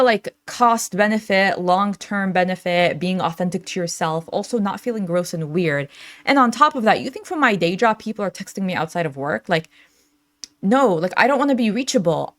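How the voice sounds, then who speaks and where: A woman's voice: medium pitch, a bit bright, no room sound. A young adult woman hosting a reaction channel, talking casually with lots of fillers and frequent laughs as she reads out chat messages.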